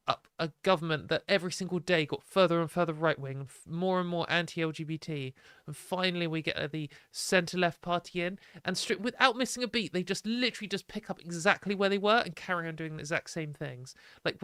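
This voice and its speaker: A woman's voice: on the low side, fairly bright tone, no room sound, clean studio sound. A young British woman hosting a livestream, ranting in exasperated, sweary, sarcastic commentary. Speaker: livestream host.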